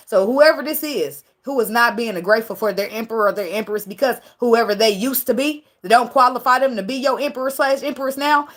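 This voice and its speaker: A woman's voice: medium pitch, a bit bright. A woman tarot reader talking casually to her viewers, preachy and profane, and emotional about her faith. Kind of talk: casual tarot reading monologue.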